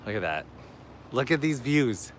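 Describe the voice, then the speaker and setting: A man's voice: mid-range voice, big pitch swings, measured pace, a little hiss or hum. A man hosting a travel live stream outdoors, chatting enthusiastically with viewers while walking and reading their messages aloud. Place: outdoors on a seaside island path.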